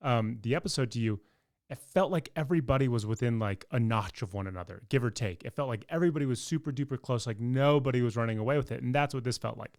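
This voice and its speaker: A man's voice: medium pitch, quick pace, a little mellow, no echo, studio quality. Man co-hosting a chatty podcast. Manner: enthusiastic, runs the segments from his notes. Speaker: podcast co-host. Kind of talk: casual chat.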